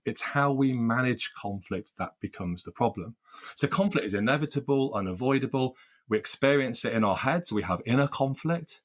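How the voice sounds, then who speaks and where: Speaking briskly in an expressive, mid-range voice, a male workplace mediator gives earnest interview answers, stringing phrases into lists and repeating words as he restarts.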